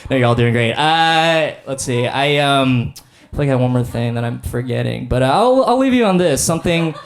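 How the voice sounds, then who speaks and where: A man's voice: medium pitch, very animated, normal speed, slight background noise. A young man doing a stand-up comedy set on stage, rambling in a laid-back way with lots of "like" and "I don't know". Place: comedy stage before a live audience.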